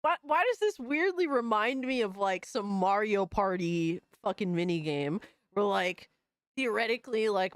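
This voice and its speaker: A woman hosts a casual livestream, talking in loose, profane slang and often bursting into laughter. Her medium-pitched voice is clean, captured dry with clean studio sound.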